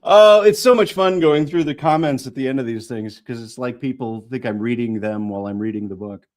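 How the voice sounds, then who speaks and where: A man's voice: mid-range voice, brisk. A man in his fifties from the American Midwest, reading an audiobook live, retaking lines and chatting with his viewers. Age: 50s. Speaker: audiobook narrator and livestream host.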